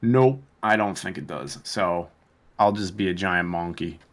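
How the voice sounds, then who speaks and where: A man's voice: low voice, a little slow. A man playing a tabletop game, hesitant and casual, swearing freely as he decides his moves. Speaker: player.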